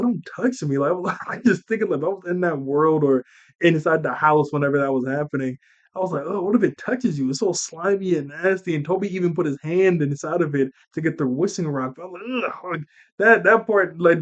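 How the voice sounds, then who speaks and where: Young man, movie recap vlog, rambling and animated, slightly raised pitch, dull lo-fi sound. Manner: rambling and animated, laughing, acts out lines. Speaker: movie reviewer.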